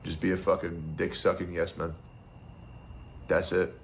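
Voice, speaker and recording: A man's voice: low voice, flat delivery, measured pace, a little hiss or hum. A man ranting bitterly as a streamer, sarcastic and profane. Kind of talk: ranting monologue.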